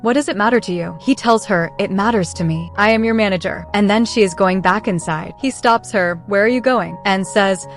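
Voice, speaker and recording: A woman retelling a drama plot in a steady, plain narrating voice at a middle pitch. She reads the characters' quoted lines lightly rather than acting them out. Faint music plays underneath. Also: fairly quick, hardly any pauses. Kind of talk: scripted narration.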